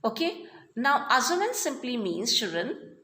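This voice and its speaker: A woman's voice: fairly high pitch, big pitch swings, unhurried, bright, forceful tone. A woman with an Indian English accent teaching a recorded class, explaining step by step and often checking in with "okay" and "fine". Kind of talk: recorded online class lesson. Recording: roomy echo.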